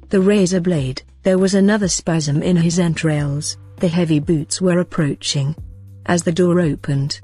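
A woman reads a novel aloud in a measured, even way. Her voice is low and a little husky. Faint music plays underneath. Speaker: audiobook narrator. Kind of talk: scripted narration.

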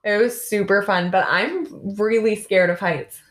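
Young woman from Canada, casual chat, animated storyteller, relaxed everyday conversation. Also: medium pitch, measured pace. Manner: animated storytelling with lots of "like" and "basically". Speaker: co-host recounting travels.

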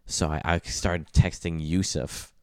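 A man co-hosting a podcast, laid-back and quick to laugh in casual banter. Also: low voice, fairly even intonation, clean tone, dry recording, studio quality. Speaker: podcast co-host.

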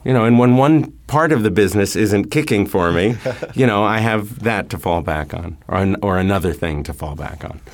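A middle-aged man, a stage actor speaking as a guest in a relaxed interview, thoughtful and full of pauses and fillers. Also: fairly low pitch. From New York.

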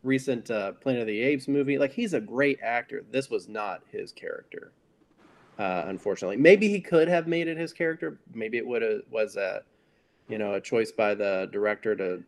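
A man's voice: lowish voice, normal speed, creaky. A man in a casual film discussion, speaking hesitantly with many fillers and laughing easily.

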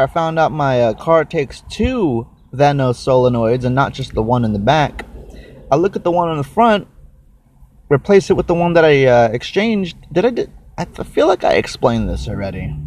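A man's voice: medium pitch, animated, normal speed, a little mellow. A young man hosting a casual solo podcast, rambling and cursing while he chews and snacks on mic. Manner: rambling, swears a lot, chews and eats while talking. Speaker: podcast host.

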